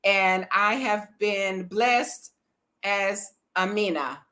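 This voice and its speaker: A middle-aged woman, chatting to viewers in a lively storytelling vlog and laughing often. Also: medium pitch, very slow. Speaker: travel vlogger.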